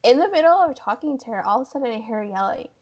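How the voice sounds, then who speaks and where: A woman's voice: a little high, expressive, rapid-fire. Chatty woman, slightly muffled sound. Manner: chatty, laughs often, many "like" fillers. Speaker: podcast co-host. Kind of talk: casual chat.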